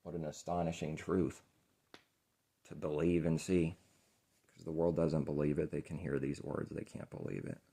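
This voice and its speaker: A man preaching an informal sermon, rambling and earnest, often trailing off quietly. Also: extremely low pitch, normal speed, gravelly, slightly rough.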